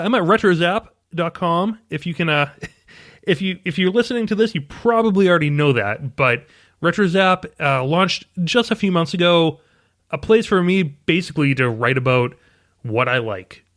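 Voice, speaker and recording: A man's voice: fairly high pitch, fairly bright tone. A man hosting a casual podcast chat, upbeat and laughing often. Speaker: podcast host.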